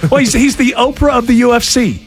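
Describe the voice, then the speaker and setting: A man's voice: very high voice, quick pace, soft background music. A man hosting a show, chatting casually and joking with cohosts. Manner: jokey, lively, laughs often. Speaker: radio show host. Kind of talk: casual banter.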